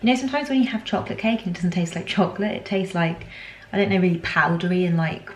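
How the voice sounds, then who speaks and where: Young woman, low-ish voice, casual rambling vlog chat, lots of "like". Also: quick pace, roomy sound, a little hiss or hum, poor audio. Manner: chatty, rambling, full of "like". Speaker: vlogger.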